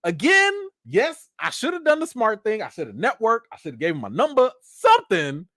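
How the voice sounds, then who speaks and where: Male stream host, lively, self-mocking storyteller, slangy delivery, dry sound. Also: high voice, moderate pace, dry recording. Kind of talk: casual storytelling.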